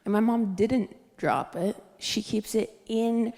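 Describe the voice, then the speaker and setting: A young adult woman doing a stand-up set on stage, telling stories deadpan and slipping into squeaky voices for quoted people. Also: slow. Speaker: stand-up comedian. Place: live comedy stage, audience laughter. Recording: live stage mic in a hall.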